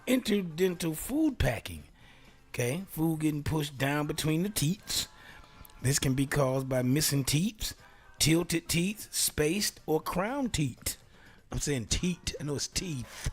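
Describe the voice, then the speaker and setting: A man's voice: on the high side, lively intonation, a little slow, slightly rough, faint music behind. A man hosting a casual solo talk show, reading aloud and joking around, laughing often and dropping into whispered asides. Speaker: radio host.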